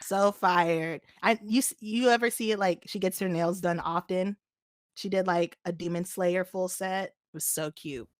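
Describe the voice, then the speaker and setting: A young woman co-hosting a casual chat, animated and laughing often. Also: fairly low pitch, moderate pace, dry recording, clean studio sound. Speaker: podcast co-host.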